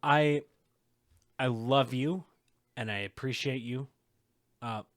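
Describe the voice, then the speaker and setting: A man co-hosting a casual movie review chat, talking in halting bursts with many fillers while working from his notes. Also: medium pitch, fairly bright tone, no room sound, clean studio sound. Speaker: podcast co-host.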